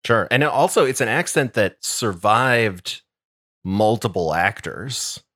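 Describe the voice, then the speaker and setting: Deep-voiced man arguing calmly. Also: no echo, clean studio sound. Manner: measured arguing, with quiet laughs and "mm-hmm"s. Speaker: podcast co-host. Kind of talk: casual chat.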